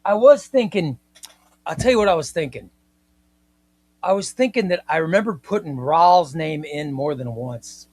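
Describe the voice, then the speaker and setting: A man chats on his live stream about comics and giveaways, reading viewer comments aloud. He has a somewhat high voice and a playful, excitable, mock-indignant manner. The sound is close and dry, with no room around it. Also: moderate pace, dry recording.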